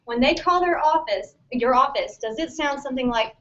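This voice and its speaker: A woman's voice: sits high, fairly quick, few pauses, a bit bright. A woman chiropractor giving a conversational seminar talk to students, often checking in with a questioning "okay?". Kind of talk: practice-building seminar talk. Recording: distant, muffled mic.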